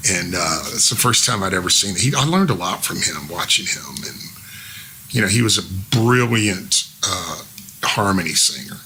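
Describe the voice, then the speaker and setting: A man in his fifties, a musician guest telling stories in a casual, animated way and imitating the people he quotes. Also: low voice, normal speed, slight background noise. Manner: animated storyteller who mimics the people he quotes. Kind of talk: casual storytelling.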